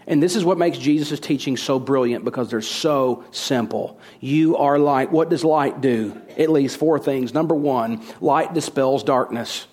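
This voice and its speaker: A man's voice: mid-range voice, a little slow, few pauses, darkish tone. A middle-aged man preaching a sermon as pastor, emphatic, with repeated phrases and rhetorical questions.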